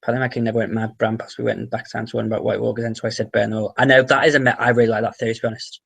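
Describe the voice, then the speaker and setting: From the Wirral in England, this chatty livestream host talks quickly in a medium-pitched, gravelly voice with fry and a Merseyside accent. Keeping the stream relaxed, he reads each viewer comment aloud, answers it and swears casually.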